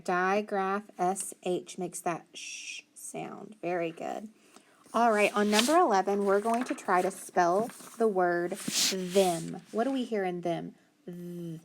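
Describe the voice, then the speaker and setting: A woman teaching a phonics lesson to children, slowly sounding out letters and praising answers. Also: mid-range voice, slight background noise. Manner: slow, encouraging, sounds out letters.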